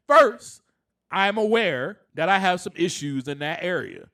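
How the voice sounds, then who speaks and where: A man's voice: high voice, expressive, a little slow, gravelly, sharp tone. A man hosting a solo self-help podcast, speaking earnestly, often laughing, and rising to passionate emphasis. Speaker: podcast host.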